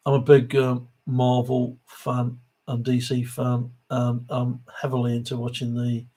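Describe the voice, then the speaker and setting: A man's voice: mid-range voice, mellow. A middle-aged man with an East Midlands accent, hosting a live stream in a chatty, matey way, reading out viewer comments and chuckling between them. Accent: East Midlands English. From English Midlands. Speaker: host of a diecast model livestream.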